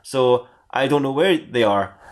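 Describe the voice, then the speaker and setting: A man's voice: mid-range voice, animated, measured pace. A man voicing an exasperated young woman reporter, in a raised, flustered voice and chuckling through his lines. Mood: irritated.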